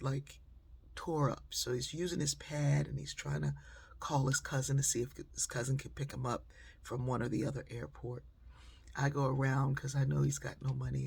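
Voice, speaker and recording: A woman speaker telling an inspirational story in an animated way, acting out dialogue and often dropping to a whisper. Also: rumbling low, gravelly, slightly rough. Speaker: motivational speaker.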